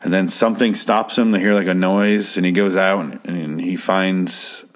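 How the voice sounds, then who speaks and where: A man's voice: low-pitched, steady tone, moderate pace. A man recapping a TV episode in a rambling, sarcastic way, swearing freely. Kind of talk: casual profane recap.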